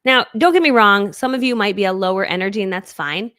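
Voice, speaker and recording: A woman teaching during a live stream, talking energetically with big upbeat leaps in pitch and thinking aloud while she fumbles with her screens. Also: big pitch swings, quick pace, few pauses, fairly bright tone, no room sound, clean studio sound. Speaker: online business coach.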